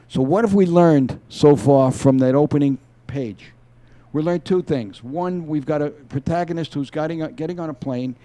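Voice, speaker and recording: Mellow-voiced man explaining at ease. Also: a little high, normal speed. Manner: easygoing, explanatory, with frequent restarts. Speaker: author and former police detective. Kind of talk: interview guest, reading aloud from his novel. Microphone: video call.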